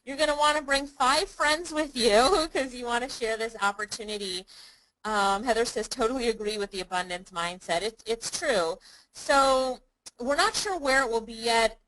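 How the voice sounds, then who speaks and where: A woman's voice: on the high side, a little slow, a bit bright, a little hiss or hum, low-quality recording. A woman hosting a live online webinar, upbeat and chatty, calling on viewers by name. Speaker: online business course host.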